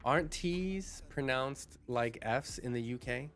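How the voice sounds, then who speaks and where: This man has a mid-range, fairly bright voice and an unhurried pace. He's streaming live, chatting casually with viewers and rambling as he answers their comments, often restarting and repeating words.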